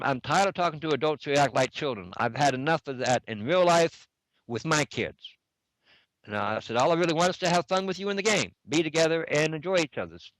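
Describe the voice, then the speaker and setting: A middle-aged online game player with a fairly high, fairly bright voice casually goes over a chat argument. Repetitive throughout, he reads the messages back and keeps prefacing them with "I said." The recording is rough.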